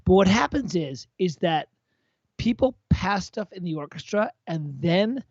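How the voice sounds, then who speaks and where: A tipsy man chatting casually on a livestream, giving blunt, profane, excitable feedback on a viewer's composition. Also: high-pitched, a little slow, no room sound. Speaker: co-host reviewing viewer compositions. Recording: dull lo-fi dry sound.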